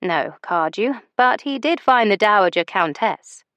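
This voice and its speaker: A woman narrating a historical romance audiobook in a measured, expressive storytelling manner. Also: medium pitch, no echo, muffled recording.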